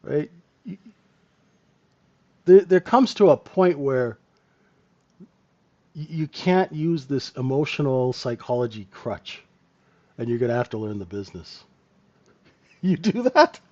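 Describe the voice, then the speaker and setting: This trading-room host has a medium-pitched, dark voice and takes his time, stopping often. He talks the market through like a conversation, tosses in tag questions again and again, chuckles on the side and keeps checking on his audience. The sound is lo-fi.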